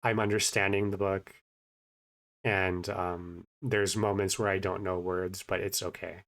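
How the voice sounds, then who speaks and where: A man with a fairly low, naturally mumbling voice talks in a casual, low-key way. He hesitates often, restarting his sentences and filling gaps with fillers. He sounds a little self-conscious as he talks. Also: level tone, a little slow, a bit bright. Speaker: vlogger, language learner. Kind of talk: casual spoken update.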